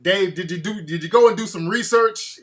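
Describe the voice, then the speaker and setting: A man hosts a loose call-in show in a slightly high voice. He is brash and curses freely as he riffs on his chat and callers. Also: normal speed, fairly bright tone. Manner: brash, profane, reacts to live chat. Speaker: talk show host.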